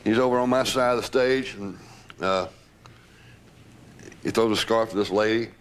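An older man being interviewed, telling lively anecdotes with laughter and the odd curse. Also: fairly low pitch, moderate pace, clean tone. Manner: animated storyteller, laughs, swears. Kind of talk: recounting stories.

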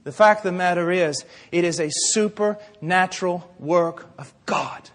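A man preaching a sermon with passion, pausing for effect and asking rhetorical questions. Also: sits high, a bit bright. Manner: impassioned, rhetorical questions, dramatic pauses. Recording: reverberant hall.

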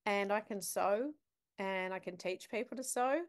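At a measured pace and in a mid-range voice, a female business academic tells a story as a talk show guest. She delivers it vividly and emphatically, turning questions toward the listener.

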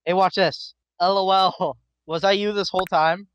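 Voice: medium pitch, steady tone, normal speed. A fellow player in casual gaming chat, teasing and laughing, and apologizing between jokes.

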